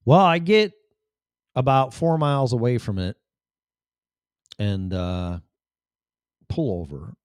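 A man's voice: medium pitch, takes it slowly, long pauses, smooth, dry recording, clean studio sound. A man hosting a show, telling a personal story bluntly, full of profanity.

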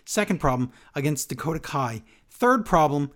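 A man's voice: on the high side, expressive, normal speed. A man co-hosting a podcast, ranting sarcastically in a casual wrestling recap. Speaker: podcast co-host.

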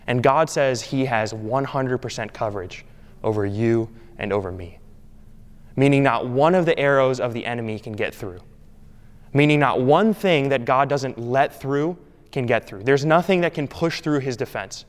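A man's voice: mid-range voice, moderate pace. A man preaching a sermon as pastor, earnest and emphatic, leaning on repeated phrases. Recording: long hall reverb.

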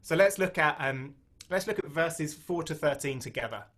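A man delivers a sermon in a relaxed, conversational way, with a few restarts as he thinks aloud. His voice sits a little higher than most men's. When he reads scripture he slows down and leans on the key phrases. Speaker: preacher.

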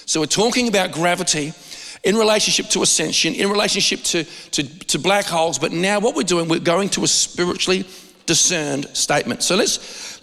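A man with a high voice preaches a sermon in a conversational way, often tripping over and repeating his words and drawing out the key phrases. His voice rings in a hall with a long reverb. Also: bright, forceful tone.

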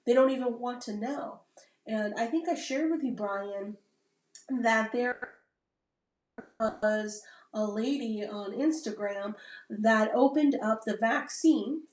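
A woman's voice: fairly high pitch, takes it slowly. A woman, a Navy veteran, talking in a casual, rambling podcast conversation and often checking in with "right?". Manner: rambling, keeps adding "right?" tags. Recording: roomy sound from a distant mic.

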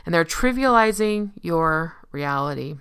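Woman with a crisp, bright voice. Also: low voice, animated, a little slow. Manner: conversational, often checks in with the listener. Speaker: speaker on relationship abuse. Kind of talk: casual explanatory talk.

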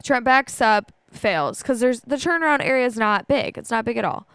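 Chatty woman with a smooth, high voice. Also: animated, moderate pace, a bit bright, no room sound. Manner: chatty, laughs often, says "like" a lot. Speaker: podcast co-host. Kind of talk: casual storytelling.

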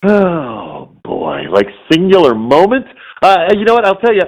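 A man's voice: sits high, a little slow, poor audio. A man, a voice actor guest in a casual interview, telling stories and acting out the voices of people he quotes. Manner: animated storyteller who acts out quoted voices.

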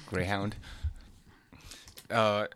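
A man's voice: fairly low pitch, level tone, drawn-out words, fairly bright tone, slight background noise. A man in a casual chat who swears and calls his friends bro.

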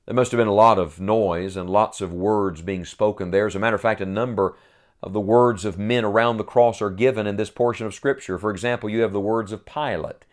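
A man preaching a sermon in an earnest tone, rising to loud cries when he quotes and then dropping back low. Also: steady tone, brisk.

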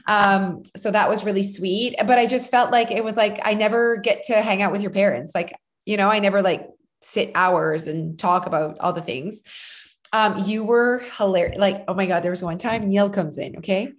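In a casual chat, a woman with a mid-range voice spins stories at a moderate pace. She's lively, voicing the people she quotes and laughing frequently.

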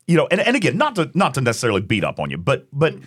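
A man co-hosting a podcast, talking in an emphatic, animated way and often repeating words as he argues a point. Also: mid-range voice, very fast. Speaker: podcast co-host. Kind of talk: casual debate chat.

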